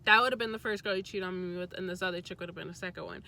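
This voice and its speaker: A young adult woman vlogger telling a story in a casual, chatty way, candid and quick to swear. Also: fairly low pitch, steady tone, sharp tone.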